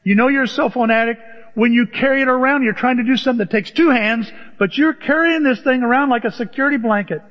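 Speaking fast in a very high voice, a pastor gives a conversational, humorous sermon that climbs to emphatic peaks. It was recorded in a church, and the sound is dull with a long church reverb.

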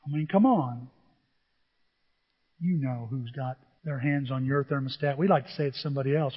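A pastor preaching a sermon, building to emphatic outbursts and mimicking churchgoers' complaints in mocking voices. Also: male voice, mid-range voice, moderate pace, pauses often, slightly rough. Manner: emphatic, rising to near-shouts on key words. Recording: dull audio with long church reverb.

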